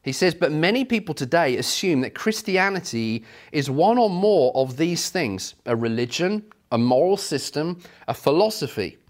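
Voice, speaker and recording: A middle-aged man preaching a sermon, telling stories with animated delivery. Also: a little high, normal speed, few pauses. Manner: storytelling, animated, voices quotes.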